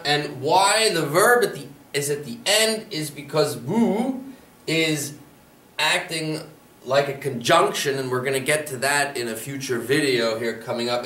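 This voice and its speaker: A man teaching a slide-based language lesson, slowly and carefully modeling each phrase for learners to repeat. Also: medium pitch, a bit bright, recorded from a distance. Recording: echoey room, voice a bit off-mic.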